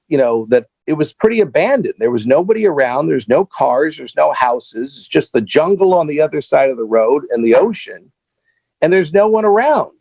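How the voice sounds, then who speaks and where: A man recounting a travel story in a lively, up-and-down delivery. His fairly high voice has a gravelly edge and is full of fillers and restarts. The recording is dry and close. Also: no room sound. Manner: animated, with frequent fillers and restarts; grows higher and more excited as the tension builds. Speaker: political candidate as guest. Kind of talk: anecdotal storytelling.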